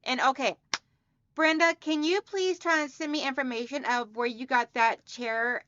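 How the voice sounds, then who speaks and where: Bright, upbeat woman chatting with viewers. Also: high voice, steady tone, normal speed, clear, resonant tone, no room sound. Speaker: livestream host of a quilting channel. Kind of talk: casual livestream chat, reading out viewer comments. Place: at home. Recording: dry, slightly dull home recording.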